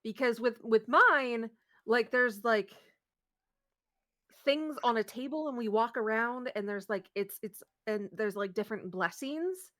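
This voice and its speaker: A woman's voice: on the high side, unhurried, fairly bright tone. A woman playing a tabletop role-playing game, chatting in character and out with many fillers and restarts. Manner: rambling, giggly, full of fillers. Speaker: player.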